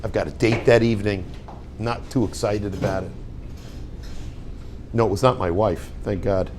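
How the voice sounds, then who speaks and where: An older man, a rabbi and yeshiva head, giving a storytelling talk and acting out the dialogue with lively voices. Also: fairly low pitch, moderate pace, noisy background. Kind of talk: storytelling lecture.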